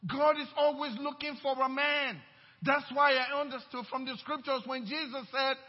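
A man's voice: very high voice, level tone, moderate pace. A man preaching a sermon as pastor in a church, emphatic and repeating his phrases. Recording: dull, echoey church hall.

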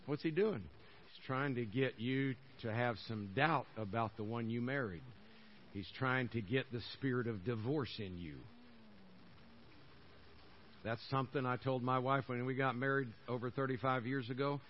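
An older man delivers a sermon from the pulpit at a middling pitch. His manner is folksy and conversational, and he drives his points home by repeating phrases. The recording is dull and lo-fi. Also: moderate pace. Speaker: pastor.

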